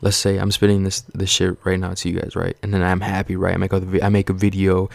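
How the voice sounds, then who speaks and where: A man's voice: low-pitched, little pitch movement, quick pace, vocal fry, few pauses, darkish tone, dry recording. A man vlogging a casual, earnest pep talk, blunt and profane, circling back over the same points again and again. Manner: blunt, profane, rambling and repetitive; earnest, reassuring. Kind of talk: casual motivational rant to camera.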